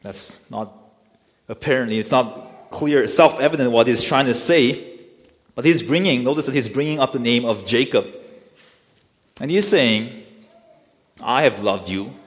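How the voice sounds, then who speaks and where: A man delivers an expository sermon in an earnest, teaching voice of middle pitch. He often poses rhetorical questions to his listeners. His voice carries a long, lingering hall reverb. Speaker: pastor.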